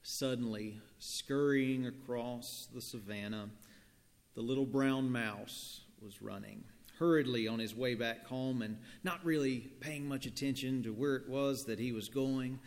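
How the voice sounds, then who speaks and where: A male pastor reading scripture and telling a story in a sermon, in a gentle, deliberate manner, in a church. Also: medium pitch. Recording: long church reverb.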